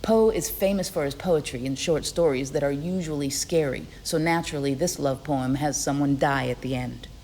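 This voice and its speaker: A woman teacher narrating a scripted poetry lesson, explaining clearly in a friendly way. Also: deep voice, normal speed, hardly any pauses, darkish tone, in a large hall, a little hiss or hum. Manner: clear, friendly explaining, reads rhythm examples aloud.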